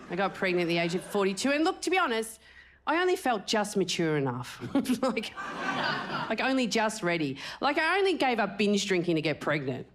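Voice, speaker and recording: A woman in her forties doing live stand-up comedy, brash and crude as she teases the crowd. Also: mid-range voice. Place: stage before a live audience. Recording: live show with audience noise.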